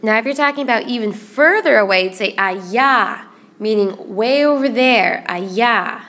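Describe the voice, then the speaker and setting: A woman's voice: a little high, a bit bright. Patient woman teaching Spanish grammar. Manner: patient, explains slowly, repeats word lists. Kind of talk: classroom grammar lesson.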